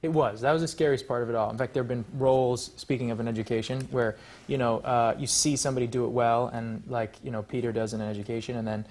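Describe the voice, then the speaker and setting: Fast-talking, animated man. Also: medium pitch. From United States. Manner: animated, joking, self-mocking. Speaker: actor, talk show guest. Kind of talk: talk show interview.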